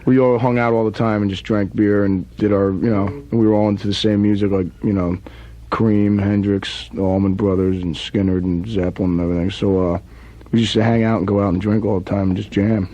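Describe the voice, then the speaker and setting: A man's voice: on the low side, little pitch movement, a little fast, warm tone, low-quality recording. A man from New Jersey with a Southern-tinged accent, talking as a guest in a casual radio interview in a laid-back, rambling way. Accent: Southern-tinged American. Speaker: guest rock musician. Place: radio studio.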